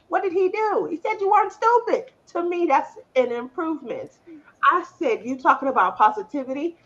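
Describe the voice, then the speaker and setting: Woman host, middle-aged, high voice, swooping lively pitch, dull muffled stream audio, laughs as she talks. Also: normal speed. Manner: animated storyteller, laughs often. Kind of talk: casual livestream chat.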